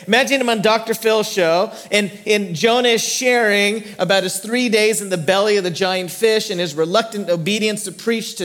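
A middle-aged man, a pastor, preaching a sermon earnestly, his voice climbing in emphatic peaks and then dropping to slow, hushed lines. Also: high voice. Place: church sanctuary.

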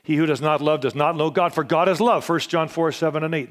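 A man preaching a sermon as a missionary, earnest and given to restarts, dropping to a hush and rising loud. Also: a little high, steady tone, fairly quick, few pauses. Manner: earnest, swings from hushed to loud; restarts and repeats words.

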